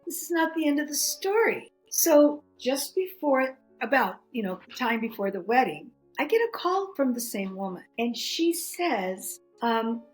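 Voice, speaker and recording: A woman's voice: high voice, unhurried, few pauses, soft background music, low-quality recording. Chatty storytelling woman, middle-aged. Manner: animated, chatty, acts out quoted voices. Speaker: podcast guest, author. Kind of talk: casual storytelling interview.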